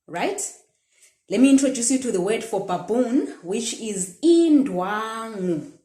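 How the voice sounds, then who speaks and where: A woman teaching a language lesson, sounding out words slowly and carefully in repeated drills. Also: a little high, animated, mellow. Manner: slow, careful pronunciation drills. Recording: echoey room.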